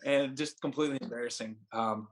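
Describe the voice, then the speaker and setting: A young man in his twenties, a baseball pitcher guesting on a podcast, speaks briskly in a medium-pitched voice. In a casual storytelling style, he rambles through an anecdote packed with fillers and acted-out dialogue.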